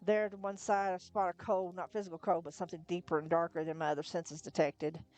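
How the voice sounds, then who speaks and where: A woman reads a novel aloud on a live stream in a fairly low voice. She tells the story in the first person at a steady pace. Now and then she trips on a word and corrects herself. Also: brisk, soft background music. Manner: steady storytelling with occasional slips and self-corrections. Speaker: narrator, reader.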